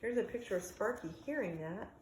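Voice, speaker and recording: A woman's voice: mid-range voice, lively intonation, brisk, a little mellow, echoey room. A woman teacher reading a chapter book aloud to children, speaking to them in a friendly way. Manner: friendly, addresses the listening children.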